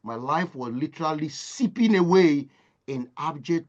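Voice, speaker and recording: A man's voice: fairly high pitch, expressive, unhurried, dull audio. A man from Nigeria, giving a motivational talk as impassioned storytelling with emphatic repetition. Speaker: motivational speaker.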